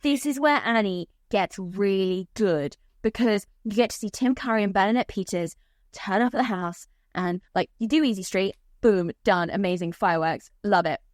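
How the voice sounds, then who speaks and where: A young woman hosting a casual film podcast. She talks in an animated, sweary way and acts out scenes as she goes. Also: medium pitch, moderate pace, no echo, clean studio sound. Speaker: podcast host.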